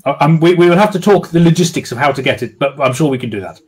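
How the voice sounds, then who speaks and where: A man's voice: a little high, expressive, fast talker, darkish tone, slightly rough. A man, an author, reading his children's book aloud over a video call with dramatic storytelling.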